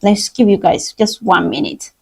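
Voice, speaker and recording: A woman teaching a live-streamed language lesson, drilling words slowly for learners to repeat, in simple non-native English. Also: medium pitch, fairly even intonation, vocal fry, mellow, husky, poor audio. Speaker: Chinese teacher.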